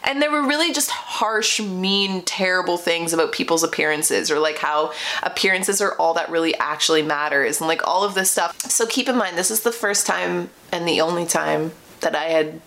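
A woman's voice: fairly low pitch, moderate pace, a bit bright. A young woman hosting a podcast, telling a personal story in a candid, chatty way with many "like" fillers. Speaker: podcast host.

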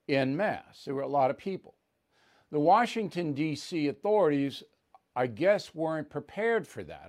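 An older man hosting a live news commentary show, speaking in a measured, deliberate way with firm emphasis. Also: a little high, a little mellow.

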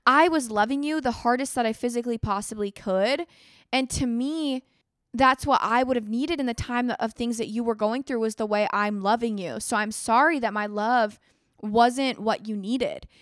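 A woman's voice: fairly high pitch, normal speed, no room sound, clean studio sound. A woman hosting a podcast, talking earnestly in a rambling personal monologue, full of "like" and restarts. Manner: earnest, rambling, heavy use of "like". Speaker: podcast host.

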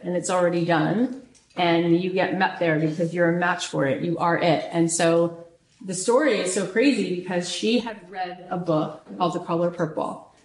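Animated woman host telling a story. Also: fairly low pitch. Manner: animated, repeats phrases, frequent "like". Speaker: podcast host. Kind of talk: casual storytelling. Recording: roomy echo.

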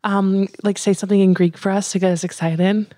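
A woman's voice: medium pitch, flat delivery, a little fast, dark tone, no room sound, clean studio sound. A young woman co-hosting a podcast, chatting casually and animatedly with lots of fillers. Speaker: podcast co-host. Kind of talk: casual chat.

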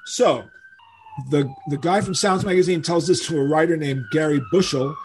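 An older man from New York, a rock musician telling stories in a casual interview, animated and acting out the voices of people he quotes. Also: on the high side, moderate pace, background noise. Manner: animated storyteller who acts out quoted voices.

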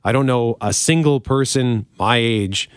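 A man in his forties co-hosts an entertainment podcast, chatting in a relaxed way and leaving in the odd "uh" and restart. His voice sits at an ordinary middle pitch. The sound is close and dry, with no room behind it. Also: a little slow, clear, resonant tone, no echo. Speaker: podcast co-host. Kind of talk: casual entertainment chat.

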